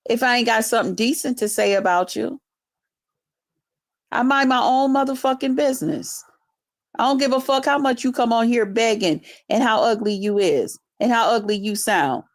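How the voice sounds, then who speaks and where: A woman YouTuber delivering an angry, profane livestream rant, taunting and confrontational. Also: fairly high pitch.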